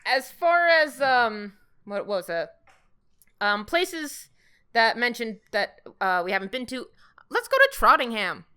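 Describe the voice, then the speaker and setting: A woman in a casual chat, enthusiastic and excitable, rambling as she talks. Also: a little high, takes it slowly, clear, resonant tone. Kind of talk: casual video-call chat.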